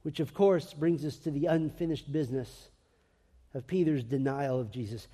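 High-voiced male preacher in a reverberant hall. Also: moderate pace. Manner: earnest, swinging between emphatic and hushed. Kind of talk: sermon.

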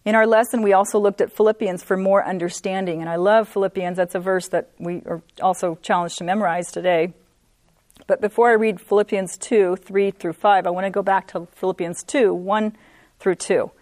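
A woman teaching a women's Bible study, earnest, repeating points for emphasis and reading scripture slowly. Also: mid-range voice, fairly even intonation, darkish tone, no echo.

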